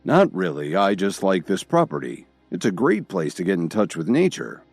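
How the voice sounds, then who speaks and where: A man playing a wealthy, hot-tempered tycoon in an audio story, deep voice that lunges from low grumbles to high, commanding barks. he orders people around and loses his temper fast, with soft music underneath. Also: very animated, no room sound, exaggerated voice. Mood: calm. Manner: commanding, quick to shout.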